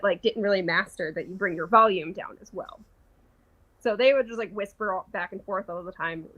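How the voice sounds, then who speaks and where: A woman's voice: medium pitch, fairly bright tone, rough recording. A woman chatting casually on a video call, telling a story and laughing often. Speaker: guest. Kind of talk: casual chat.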